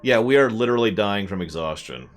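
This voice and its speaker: A man streaming a video game, rambling and joking as he plays, often jumping into high mock voices. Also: expressive, fast talker, soft background music. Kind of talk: casual gameplay commentary.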